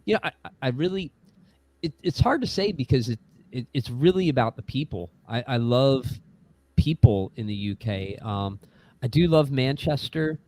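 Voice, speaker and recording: A man talking casually as a musician guest on a podcast, halting often and restarting his words, with casual swearing. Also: medium pitch, expressive, a little mellow, dry recording. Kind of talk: casual chat.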